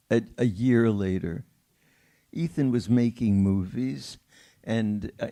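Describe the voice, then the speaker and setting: At a theater film Q&A, an older pianist shares stories in a slow, warm manner, laughing along and voicing the people he quotes. His voice runs on the low side and sounds creaky.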